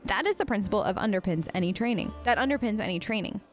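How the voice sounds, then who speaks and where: A woman's voice: mid-range voice, expressive, fast, faint music behind, natural voice. A woman voicing a pompous, self-absorbed female scholar as she reads game dialogue aloud in a lofty, condescending manner. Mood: lecturing.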